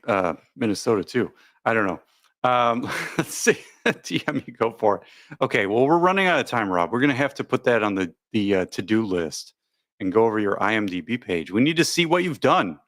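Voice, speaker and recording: A man's voice: lowish voice, a bit bright, no room sound, studio quality. A man hosting a casual livestream, reading viewer comments aloud and joking as he goes. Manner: chatty, reads chat comments aloud, jokey asides. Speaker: livestream host. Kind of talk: casual live chat commentary.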